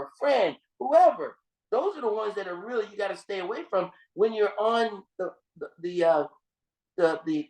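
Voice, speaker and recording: A man's voice: high-pitched, darkish tone. A man giving a motivational seminar talk, preaching, repeating his phrases and calling his listeners "gang" as he tells a story. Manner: storytelling with restarts and emphatic swings. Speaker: seminar speaker. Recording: roomy echo.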